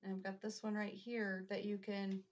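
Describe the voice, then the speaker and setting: A woman's voice: medium pitch, level tone, moderate pace. A woman from the house's family tells stories in a chatty, rambling way and keeps the talk casual. She is indoors in an old house. The recording is slightly muffled and lo-fi. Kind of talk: casual storytelling chat.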